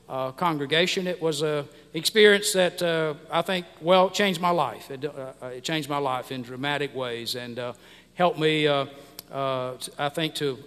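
Man, middle-aged pastor, sermon, slightly high voice, halting with lots of fillers, long hall reverb. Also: a bit bright, clear, resonant tone. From United States. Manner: halting, many "uh" fillers and restarts.

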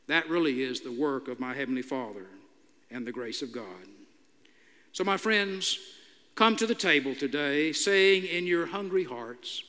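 A man's voice: a little high, lively intonation, measured pace, bright, forceful tone. A male pastor delivering a sermon, telling a story with dry humor, recorded in an echoey church hall.

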